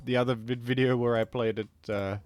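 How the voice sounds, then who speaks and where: A man's voice: medium pitch, fairly even intonation, fairly quick, darkish tone, dry recording. A man giving casual, rambling gameplay commentary as a video creator, chatting to viewers and often correcting himself mid-sentence.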